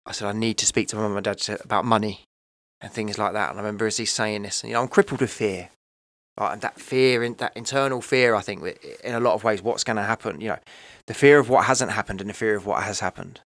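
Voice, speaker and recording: Gravelly-voiced man telling a raw story. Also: lowish voice, fast talker, a bit bright, no echo. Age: 30s. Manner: emotional, rambling, repeats "right?" and "you know". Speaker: podcast guest. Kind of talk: candid personal storytelling.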